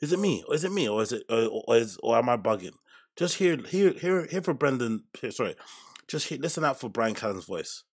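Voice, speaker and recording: A man's voice: mid-range voice, very animated, a little fast, breathy edge. A man reacting to a podcast clip in casual, profane, rambling commentary, stopping and restarting often. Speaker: reaction channel host.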